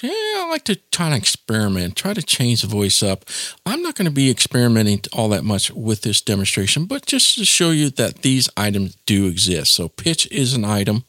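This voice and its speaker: A man's voice: mid-range voice, a bit bright, no room sound, studio quality. A man giving a casual spoken tutorial in a chatty, informal way, with plenty of asides. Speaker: tech tutorial presenter.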